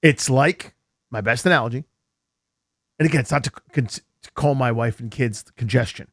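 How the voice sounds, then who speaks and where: A mid-range male voice at normal speed belongs to an American sports radio host. Chatting casually in the studio over a studio mic, he tells rambling, jokey stories with animated energy.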